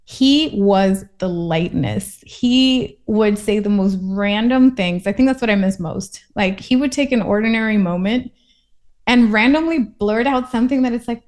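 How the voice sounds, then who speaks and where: A woman's voice: mid-range voice, unhurried, a little mellow. A woman from Puerto Rico, a guest in a casual interview, talking in a reflective, thoughtful way.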